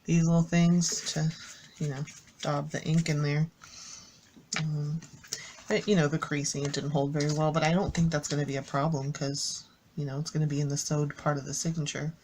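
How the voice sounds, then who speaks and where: A woman's voice: low-pitched, level tone, normal speed, a little mellow, slight background noise. A woman casually walking viewers through a handmade craft journal, chatty and enthusiastic, rambling with fillers and self-corrections. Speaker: craft YouTuber. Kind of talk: casual show-and-tell craft walkthrough.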